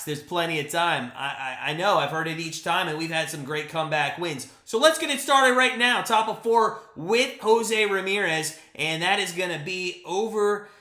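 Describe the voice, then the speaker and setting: A young man streaming fan play-by-play, excitable and chatty with his viewers, swinging between hype and frustration. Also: sits high, echoey room. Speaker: live stream play-by-play host. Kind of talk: fan play-by-play and live reaction.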